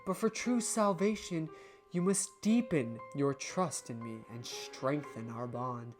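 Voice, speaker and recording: A woman voicing a pretentious, ominous male shaman in a story game, speaking slow and solemn. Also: low-pitched, a little mellow, faint music behind.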